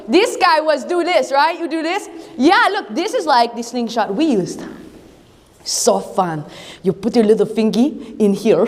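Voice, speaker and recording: Animated high-voiced woman telling a camp story. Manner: animated, playful storytelling with sound effects and audience questions. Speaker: camp worship leader. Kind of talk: first-person Bible story told to campers. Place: camp chapel. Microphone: action camera. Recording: long echo in a hall.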